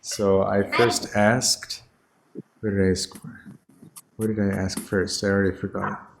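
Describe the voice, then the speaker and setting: A man's voice: on the low side, little pitch movement, unhurried, gravelly, slight background noise. A man teaching a children's class over a video call, patiently repeating his questions.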